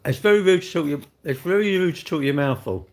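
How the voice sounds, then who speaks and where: A man's voice: fairly high pitch, quick pace. A man, chatting cheekily and rambling to his livestream viewers while eating cake with his mouth full.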